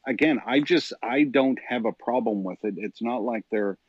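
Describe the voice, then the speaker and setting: A Canadian man co-hosting a tech chat, talking in a relaxed, hesitant way with many fillers. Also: medium pitch, normal speed, no echo. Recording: dry, dull lo-fi line.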